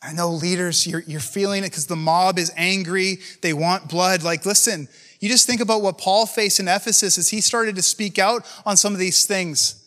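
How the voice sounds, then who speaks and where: A man preaching with fervor, his voice high and bright with an edge to it. He talks to leaders in a loose, conversational way and keeps firing rhetorical questions. The sound rings out with long reverb like a large hall. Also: steady tone, moderate pace. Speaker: pastor.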